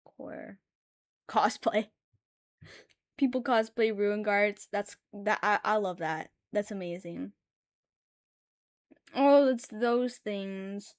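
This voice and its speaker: A young woman streaming herself drawing chats casually, swearing often, rambling through stories full of filler words and laughing between sentences. Her voice is mid-range, she speaks slowly and pauses often, and there's no room sound.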